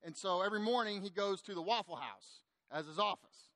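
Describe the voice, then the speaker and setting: A man preaching, telling a long story to make his point, animated at times and hushed in the sad parts. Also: sits high, fairly quick, no echo. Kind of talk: sermon storytelling.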